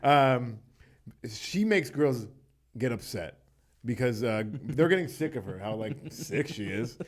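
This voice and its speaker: A man's voice: mid-range voice, lively intonation, unhurried. A man appearing as a guest on a podcast, explaining things in a playful way and giggling as he talks. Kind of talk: casual comedic chat.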